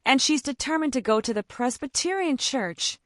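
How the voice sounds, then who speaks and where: A woman's voice: high-pitched, animated, normal speed, no echo, clean studio sound, pitched above the performer's own voice. A woman doing a whimpering, fussy old cousin. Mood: fretful. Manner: moaning, wailing.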